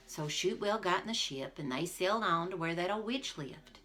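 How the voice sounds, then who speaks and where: Bright-voiced teacher reading a story aloud. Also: female voice, fairly low pitch, moderate pace, hardly any pauses. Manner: expressive, addresses listeners directly. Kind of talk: storybook read-aloud for a class.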